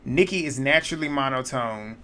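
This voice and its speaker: A man recapping a reality show in casual commentary, blunt, opinionated and quick to swear. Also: mid-range voice, fairly bright tone.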